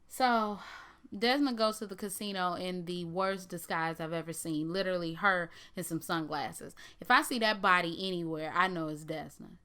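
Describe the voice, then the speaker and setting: Smooth-voiced woman, blunt sarcastic recap. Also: lowish voice, normal speed, bright, forceful tone. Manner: blunt, sarcastic running commentary. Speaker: TV recap vlogger. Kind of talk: casual TV episode recap.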